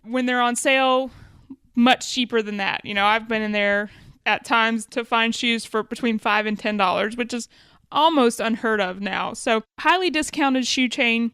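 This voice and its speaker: A woman from Alabama, USA co-hosts a podcast and walks through business lessons conversationally, thinking aloud and fixing her wording as she goes. Her voice is fairly high and fairly bright, at a normal speed. The tone is clean with no room sound.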